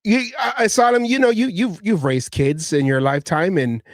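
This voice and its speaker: Male sports-show host, high voice, excitable and stumbling over repeats, dry close mic. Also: normal speed, no echo. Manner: animated, stammering and repeating words; mimics others in quoted voices. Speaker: podcast host. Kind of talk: casual sports chat.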